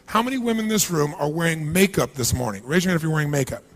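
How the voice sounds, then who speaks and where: Male motivational speaker, high-pitched, animated seminar delivery, questions the crowd directly. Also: very fast, soft background music. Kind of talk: live seminar speech. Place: large event hall.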